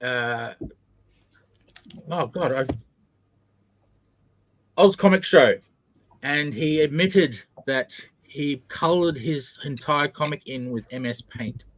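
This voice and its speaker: Chatty male host, somewhat high voice, self-mocking jokes, dry close sound. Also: slow pace, long pauses, no echo. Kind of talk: casual live-stream chat.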